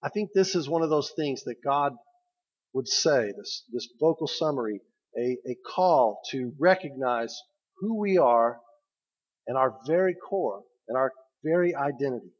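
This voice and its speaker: A pastor giving a conversational sermon, stressing key words and slowing down for emphasis. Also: male voice, mid-range voice, lively intonation, husky, muffled recording. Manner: conversational, emphatic preaching with slow pauses.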